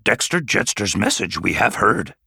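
A man's voice: on the low side, big pitch swings, normal speed, gravelly, sharp tone, husky, no echo, studio quality, exaggerated voice. A man voicing an ancient, small Jedi master who speaks firmly in backwards word order. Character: ancient small green Jedi master, stern, inverted speech.

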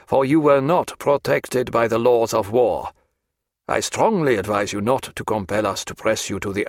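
A man doing a cold, measured interrogating major. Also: on the low side, creaky, dry recording, clean studio sound. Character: stern interrogating army major, middle-aged man.

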